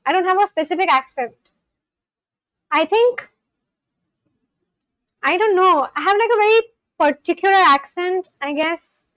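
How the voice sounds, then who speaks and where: Reading viewer comments aloud on her casual live stream, a woman host who is learning a language chats in a rambling way, constantly restarting and self-correcting. Her voice is high. The audio is low quality, though there's no echo.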